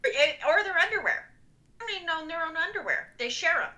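A woman chiming in during a casual chat, soft-spoken and emphatic. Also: extremely high pitch, very animated, quick pace, a crowd in the background.

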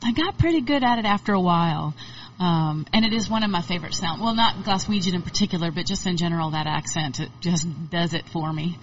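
A chatty woman talks through her touring life in a relaxed interview, her voice on the lower side. She sits a little back from the mic, and the sound is dull and muffled with a faint hiss. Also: quick pace, far from the mic. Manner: chatty, rambling, laughs often. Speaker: touring musician guest. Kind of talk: casual interview chat.

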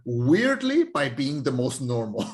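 Excitable young man talking movies. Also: medium pitch. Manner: animated, jokey, stammers into fast bursts. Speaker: film review podcast co-host. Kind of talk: casual chat.

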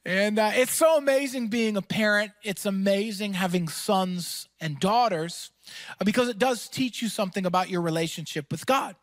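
A man preaching a sermon as pastor, energetic and emphatic, with casual fillers and quick asides. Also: sits high, no echo.

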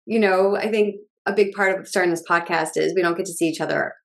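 A woman's voice: fairly low pitch, fairly even intonation, fast talker, vocal fry. A woman in her forties co-hosting a podcast as a life coach, talking in an upbeat, encouraging, enthusiastic way. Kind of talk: casual podcast chat.

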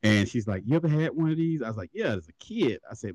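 Man telling stories with a lively pitch. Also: fast talker, no room sound, muffled recording. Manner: animated profane storytelling, laughing often. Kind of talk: casual comedic chat.

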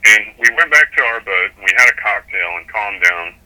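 A man guest in an interview, telling a sailing story in an animated, rambling way with frequent restarts. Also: fairly low pitch, a little fast, poor audio. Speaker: sailor guest.

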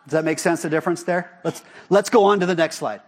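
A man preaching a sermon as a pastor, talking to the congregation in a lively, conversational way with frequent rhetorical questions. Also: fairly high pitch, fast talker.

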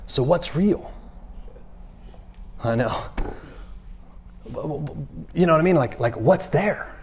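Animated conversational male preacher. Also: medium pitch, moderate pace, long pauses. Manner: animated, repeats himself, acts out quotes in passing. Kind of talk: conversational sermon.

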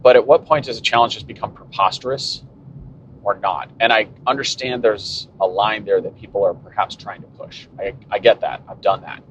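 Fifties male podcast host, low voice, wry and sarcastic, recorded in a moving car, dull sound with faint road hum. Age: 50s. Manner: wry, sarcastic, thinking aloud. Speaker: cycling podcast host and coach. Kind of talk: solo podcast monologue.

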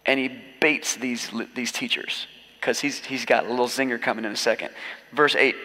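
A man's voice: medium pitch, normal speed, bright, forceful tone, in a large hall. A man preaching a sermon as a pastor, in a casual, joking storytelling manner with acted asides.

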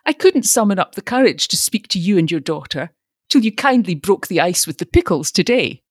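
A woman voicing a timid, courteous gentleman who speaks softly and respectfully. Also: high-pitched, big pitch swings, brisk, slightly rough, no echo, clean studio sound, full character voice.

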